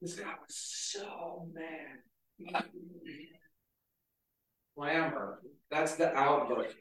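Very slow and pausing often, a pastor with a slightly high, fairly bright voice delivers a chatty sermon built on storytelling and heavy use of "like" and other fillers. The mic is far away in a very echoey hall.

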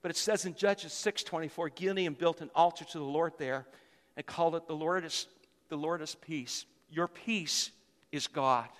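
A man's voice: a little high, normal speed, in a large hall. A man in his fifties preaching a fervent sermon as pastor, repeating phrases for emphasis.

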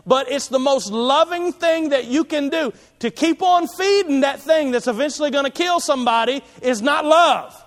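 High-voiced preacher in a reverberant hall. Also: male voice, normal speed, few pauses. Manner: conversational, emphatic preaching with many asides. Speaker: pastor. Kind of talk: sermon. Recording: long reverb of a large hall.

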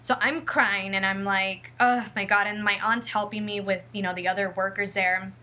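A woman's voice: mid-range voice, fairly even intonation, moderate pace, bright, forceful tone. A woman telling a personal story in a casual, rambling way, full of fillers and acted-out quotes, and close to tears.

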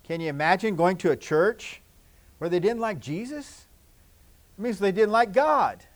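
Male pastor, fairly high voice, children's sermon, gentle and repetitive, sometimes loud, sometimes hushed. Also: lively intonation, normal speed.

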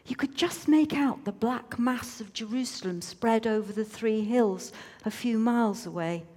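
A woman's voice: on the high side, normal speed, mellow. A woman reading a story aloud with playful, teasing asides, in a room with a long reverb.

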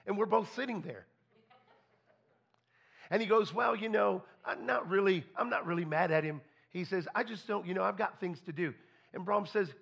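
A man's voice: high voice, normal speed, vocal fry, a bit bright, husky. A man preaching a storytelling sermon, folksy, full of restarts, acting out conversations. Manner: folksy, repeats and restarts, quotes people in dialogue.

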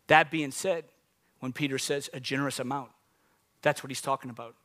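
A man's voice: a little high, brisk, bright, forceful tone. A man in his forties preaching a sermon in a conversational way, often calling out to the congregation. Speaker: pastor.

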